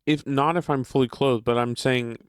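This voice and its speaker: A man's voice: medium pitch, steady tone, moderate pace, smooth, dry recording, clean studio sound. A man with a slight Southern American accent chatting casually on a podcast, rambling and self-deprecating, often trailing off. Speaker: podcast co-host, partner. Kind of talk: casual chat.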